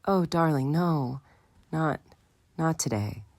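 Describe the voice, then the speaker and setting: A man voicing a gentle, worried middle-aged mother in an audiobook, speaking softly and soothingly. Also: on the high side, slow, no echo, pitched above the performer's own voice. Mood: tender.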